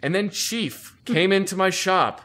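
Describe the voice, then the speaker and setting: A man recounts an old army story in a bright, slightly high voice. His delivery is animated and loose, with frequent swearing. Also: a little slow. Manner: animated, profane, acts out quoted people. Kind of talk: casual storytelling chat.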